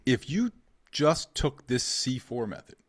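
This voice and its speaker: A man with a mid-pitched voice hosts a casual podcast conversation. He rambles, restarts his sentences and reaches for sports comparisons. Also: very animated, measured pace. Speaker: podcast host. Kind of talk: casual chat.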